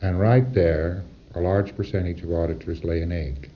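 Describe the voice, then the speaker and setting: Deep-voiced man lecturing on old tape. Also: fairly even intonation, normal speed. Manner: emphatic, rhetorical, checks in with "See?". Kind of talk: recorded lecture. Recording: dull lo-fi 1960s lecture tape.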